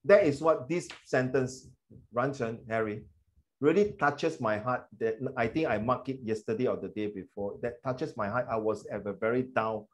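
A middle-aged man, a teacher giving animated, emphatic feedback to his class and slipping into Mandarin phrases. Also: medium pitch, moderate pace.

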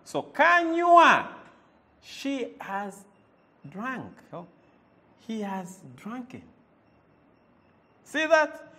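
A man's voice: sits high, sing-song, extremely slow, long pauses, sharp tone, a little hiss or hum. A man teaching a language lesson, repeating words and quizzing the listener with "eh?" as he goes. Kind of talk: lively spoken language lesson.

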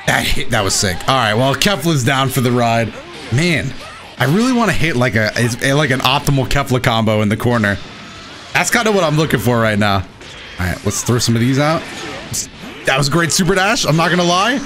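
A young man giving excitable, self-mocking live commentary while playing a fighting game. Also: mid-range voice, a little fast. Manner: excitable, self-mocking, shouts at big plays. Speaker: gaming YouTuber. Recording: game music playing behind. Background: game music.

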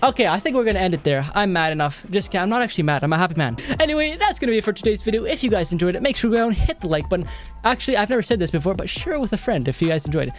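A man chats casually into a headset mic while reacting to clips. He talks with lively, swooping pitch and exasperated outbursts broken up by laughs. Faint music plays underneath. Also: very fast. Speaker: reaction video host. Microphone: headset microphone.

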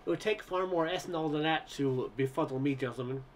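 A man voicing a tall, weary alien scout who speaks in a slow, measured, flat way. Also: on the high side, a little hiss or hum, natural voice. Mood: grave.

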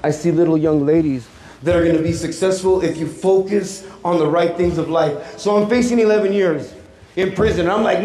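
Middle-aged male youth speaker, emphatic streetwise testimony, high voice, roomy echo. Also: normal speed, a little mellow. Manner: emphatic, streetwise slang, repeats key phrases. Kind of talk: personal testimony to teens. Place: large room with a teen audience. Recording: echoey room.

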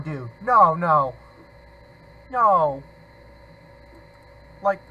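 A man giving excitable gameplay commentary, talking to himself and often apologizing. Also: sits high, takes it slowly, pauses often, a little hiss or hum, low-quality recording. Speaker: gamer.

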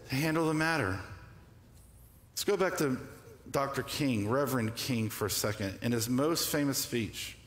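A male pastor preaching in a church sanctuary, his voice ringing through a long reverberant hall. He talks at an ordinary middle pitch, leads call-and-response with the congregation, and climbs into emphatic, rising peaks. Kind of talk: sermon.

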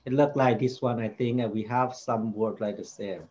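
A man's voice: mid-range voice, fairly even intonation, normal speed, a little mellow, muffled recording, slight background noise. A man tutoring a child in spelling, patiently repeating each word and sounding out its vowels. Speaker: home tutor.

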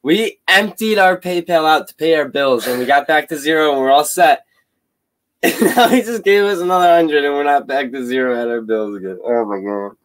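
A woman's voice: low voice, expressive, moderate pace, a little hiss or hum, rough recording. A woman co-hosting a casual livestream, wry and laughing, often repeating herself. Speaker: livestream co-host.

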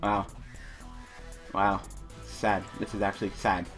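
A man's voice: fairly low pitch, flat delivery, takes it slowly, fairly bright tone, soft background music. A young man commentating his online card game, reading cards under his breath and ranting with frequent swearing when the draws go against him. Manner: frustrated ranting, heavy swearing; muttering while reading cards. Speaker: card game video host.

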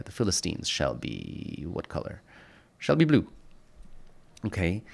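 A man's voice: on the low side, vocal fry. A man teaching an art lesson over a screen recording, enthusiastic and repetitive, punctuating points with sound effects. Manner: enthusiastic, repeats phrases, punchy sound effects. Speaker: art instructor.

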